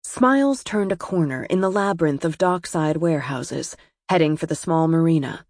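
A woman narrating a story aloud in a steady, measured way. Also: deep voice, dry recording, studio quality. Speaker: audiobook narrator. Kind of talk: scripted narration.

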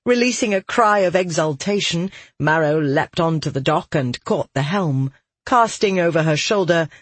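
Slow, expressive audiobook narrator. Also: mid-range voice, breathy edge, dry recording. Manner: expressive, measured storytelling. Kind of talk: scripted fantasy narration.

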